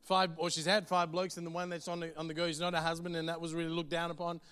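A man's voice: on the high side, monotone, a bit bright, smooth. A man preaching a sermon in an earnest, conversational way. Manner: earnest, conversational, quick to the point.

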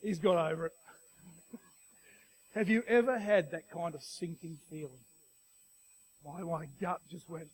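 A middle-aged man with an Australian accent, preaching a sermon through an animated personal story full of restarts. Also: fairly high pitch, a little slow, pauses often.

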